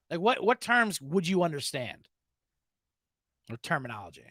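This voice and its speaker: Brief: male podcast host in his thirties, sarcastic ranter, bright lively delivery, dry close sound. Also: on the high side, normal speed, dry recording. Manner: sarcastic, ranting, mocking voices, swears. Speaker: sports betting podcast host. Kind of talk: sarcastic sports betting rant.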